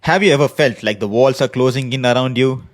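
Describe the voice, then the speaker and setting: A man hosting a podcast, speaking in an earnest, measured personal monologue from a prepared script. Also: mid-range voice. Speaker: podcast host. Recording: podcast voice recording.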